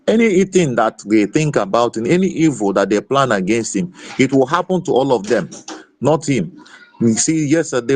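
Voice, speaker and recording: A man's voice: medium pitch, a little mellow, dry recording. A man speaking passionately in a live audio room, often restarting and repeating words as he gets heated. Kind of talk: impassioned political speech.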